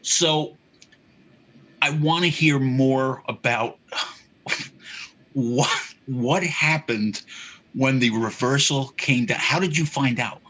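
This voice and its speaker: A man with a husky, somewhat breathy voice hosts an interview at a middle pitch. He asks short, gentle questions to draw his guest out. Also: slow pace, long pauses, poor audio. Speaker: podcast host. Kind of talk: interview conversation.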